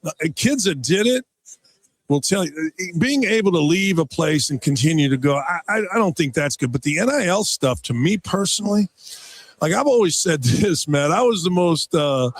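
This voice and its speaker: A man in his sixties, a radio guest and former player, telling rambling, excitable sports stories and stumbling over repeated words. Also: fairly high pitch, moderate pace, no room sound. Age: 60s. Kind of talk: animated sports radio storytelling. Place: radio row booth at a big game.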